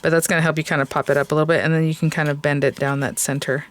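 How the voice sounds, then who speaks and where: A woman with a somewhat low voice talks through a crafting tutorial in a relaxed, chatty way. She thinks aloud as she works, trailing off and filling gaps with hesitant ums. A faint hiss sits under the recording. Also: rapid-fire.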